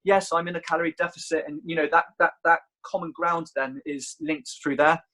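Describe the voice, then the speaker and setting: A man's voice: on the high side, level tone, brisk, bright, forceful tone, poor audio. A man, a personal trainer talking in casual podcast chat, rambling earnestly with frequent restarts.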